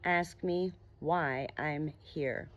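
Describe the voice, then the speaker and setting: A woman reading an audiobook, voicing a gentle, wise male monster with a soft, melodious, slow and soothing voice. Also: sits low, muffled recording, pitched below the performer's own voice. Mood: calm. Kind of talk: audiobook narration.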